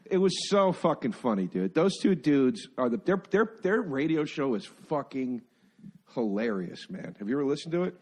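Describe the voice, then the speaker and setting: A man's voice: fairly high pitch, huge pitch swings, measured pace, pauses often, husky. A middle-aged male comedian co-hosting a podcast, telling long casual stories peppered with swearing and "dude.". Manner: swearing, rambling anecdotes with lots of "dude" and "man". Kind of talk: casual chat.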